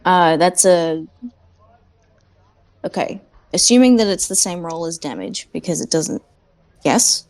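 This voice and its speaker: A woman's voice: lowish voice, lively intonation, unhurried, long pauses, darkish tone, no echo. A woman playing a character in a tabletop role-playing game, playful and breezy, laughing often. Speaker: player.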